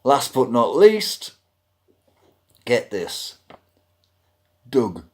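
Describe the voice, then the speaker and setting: A blunt British man griping in a vlog rant, cursing as he goes. He talks at a slow, dragging pace. His pitch leaps around expressively. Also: huge pitch swings. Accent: British English. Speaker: vlogger. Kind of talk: ranting monologue.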